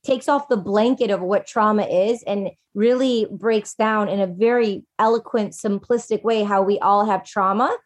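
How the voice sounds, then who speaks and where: A woman life coach talking casually in a podcast conversation, animated and full of "like", acting out little quotes. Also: medium pitch, moderate pace, hardly any pauses. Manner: chatty, animated, acts out quotes, fillers of "like".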